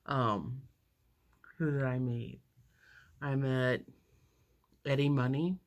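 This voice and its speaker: A woman's voice: very deep voice, steady tone, slow. A woman in her fifties telling a story casually while doing her makeup, rambling with lots of fillers and restarts.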